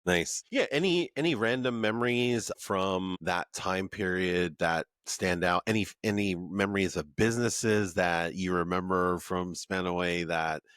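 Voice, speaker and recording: A man in his thirties from the Pacific Northwest hosts a podcast in a deep, low voice. The sound is dry and close, and he asks friendly, rambling questions peppered with "like" and "man". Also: measured pace, hardly any pauses, fairly bright tone, no echo. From Pacific Northwest, USA. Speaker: podcast host. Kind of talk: casual remote podcast interview. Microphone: remote recording, podcast mic.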